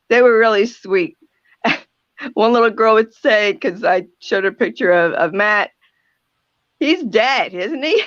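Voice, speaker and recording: An older woman hosts a talk radio show, sharing stories in a reflective, tender way with frequent pauses. Her voice sits at a middle pitch. The recording is dry and slightly muffled. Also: no echo. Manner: reflective, pausing, softly emotional storytelling. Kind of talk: heartfelt conversational talk.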